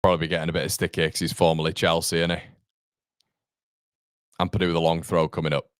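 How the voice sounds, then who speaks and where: Man, low voice, dead dry sound, live fan match commentary, partisan, chatty with viewers. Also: little pitch movement, fast, smooth, dry recording. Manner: running play-by-play, answering viewer chat; exasperated, partisan outbursts. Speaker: fan channel host.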